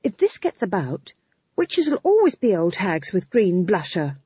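A woman reading an audiobook, voicing an earnest, anxious young witch in a high, eager voice. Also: wildly swooping pitch, unhurried, mellow, slightly rough, no echo, muffled recording, exaggerated voice.

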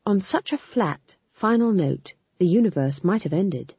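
Woman audiobook narrator, husky tone, dry, dull close recording. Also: lowish voice, a little slow, no echo. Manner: lively, expressive storytelling. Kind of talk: scripted narration.

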